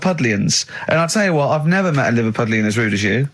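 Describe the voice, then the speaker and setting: A man hosting a radio show, telling stories in casual banter, animated and quick to laugh. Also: mid-range voice. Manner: animated storyteller, quick laughs, mimics friends. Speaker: radio host. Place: radio studio.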